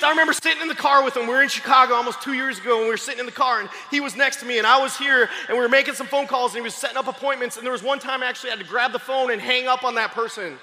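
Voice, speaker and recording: A high-voiced man pumps up a crowd with a motivational sales training talk, fast-talking and excitable, often breaking into shouts. His voice is very bright and sharp, and it rings out with long reverb through a large hall. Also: slight background noise.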